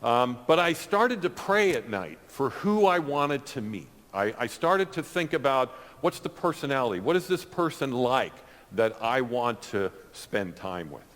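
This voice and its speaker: A man's voice: medium pitch, big pitch swings, unhurried, a bit bright. A man in his sixties giving an unscripted personal testimony in church, talking conversationally with frequent fillers and restarts. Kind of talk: off-the-cuff spoken testimony. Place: church hall. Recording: long church-hall reverb.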